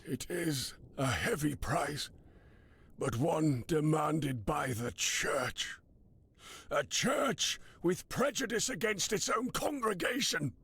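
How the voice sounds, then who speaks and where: A man's voice: fairly high pitch, expressive, takes it slowly, creaky, fairly bright tone, husky, no room sound, exaggerated voice. An actor playing a mournful male merchant in a video game who speaks theatrically about his captive daughter. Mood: solemn.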